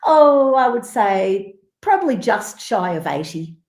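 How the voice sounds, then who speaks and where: A woman guest musician telling a long anecdote in a casual interview, animated and full of asides. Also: medium pitch, measured pace. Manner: animated, rambling, many asides. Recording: roomy echo.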